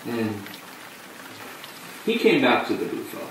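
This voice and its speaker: An actor playing a male off-off-Broadway performer who tells his story in a halting way, with dark, bitter laughs. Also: mid-range voice, sing-song, a little hiss or hum. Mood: rueful. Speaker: actor in a monologue. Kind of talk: stage monologue on film. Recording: distant echoey room with rain.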